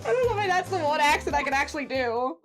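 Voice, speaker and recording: Giggly high-voiced woman streaming a game. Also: animated, fast. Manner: chatty and giggly, self-mocking asides. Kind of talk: casual gameplay commentary. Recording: game music under voice. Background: game music.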